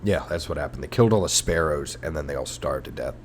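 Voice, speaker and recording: A man's voice: rumbling low, quick pace, slight background noise. A man hosting a comedic history podcast, rambling and sarcastic, with frequent profane rants. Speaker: podcast host.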